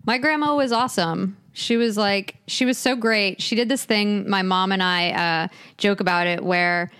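A woman's voice: medium pitch, normal speed, fairly bright tone, smooth. A young woman co-hosting a podcast in casual, bubbly chat. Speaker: podcast co-host.

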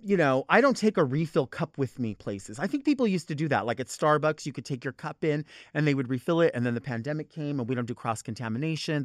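A podcast host rants with big swings in his voice and a fairly high pitch. The sound is dry and close, with no room around it. He curses freely and acts out the people who annoy him. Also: no room sound. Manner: animated, profane ranting with mimicked exchanges. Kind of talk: comedic rant.

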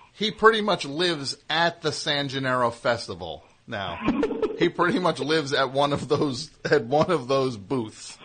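A man's voice: mid-range voice, a bit bright. A man hosting a call-in comedy show. He needles callers playfully and spins long rambling bits. His voice sits in a middle, everyday range. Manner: teasing, riffing in long rambling runs. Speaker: radio show host.

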